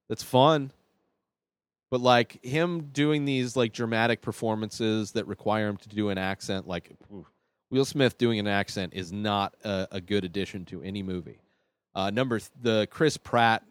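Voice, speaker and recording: A man hosting his own podcast, giving blunt, rambling opinions in a casual monologue with animated asides. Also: medium pitch, no room sound. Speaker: podcast host.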